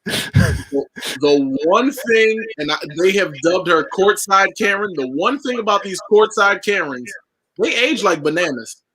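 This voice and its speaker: A man co-hosts a podcast and keeps up quick, quippy jokes. His voice sits high for a man. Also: animated, bright, forceful tone, breathy edge, rough recording. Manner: quippy, joking. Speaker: co-host. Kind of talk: casual podcast chat.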